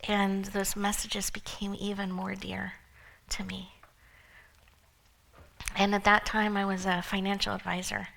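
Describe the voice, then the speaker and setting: Woman host sharing a personal story, earnest and emotional, drops her voice real soft sometimes, mid-pitched. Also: monotone, unhurried, vocal fry, long pauses, slight background noise, poor audio. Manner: earnest, emotional, softening to near-whispers. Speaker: event host and speaker. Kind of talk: heartfelt personal storytelling talk.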